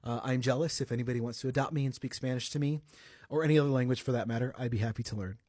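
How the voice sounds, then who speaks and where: A man's voice: mid-range voice, very fast, a little mellow, no echo. A young man from the United States hosting a casual celebrity news podcast, chatty and joking, correcting himself as he goes. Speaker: podcast host.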